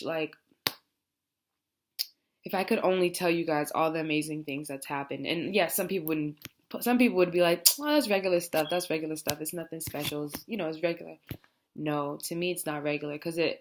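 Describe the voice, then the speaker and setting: A young American woman talking reflectively in a personal vlog, rambling with many fillers like "you know" and "like". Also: low voice. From United States. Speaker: vlogger. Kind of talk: heartfelt personal vlog talk.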